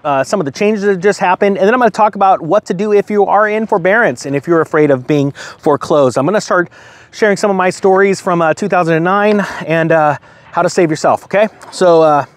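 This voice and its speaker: A man's voice: on the high side, dry recording. Chatty, slightly breathless man, dry close sound. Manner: chatty, laughs often, sarcastic asides. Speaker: finance YouTuber host. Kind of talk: casual direct-to-camera commentary.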